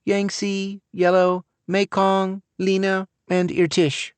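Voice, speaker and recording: A man voicing a precocious little girl in an audiobook, rattling off answers in a flat, unbothered way. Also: high-pitched, slow pace, clear, resonant tone, no echo, pitched above the performer's own voice. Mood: deadpan. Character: precocious little girl, deadpan know-it-all.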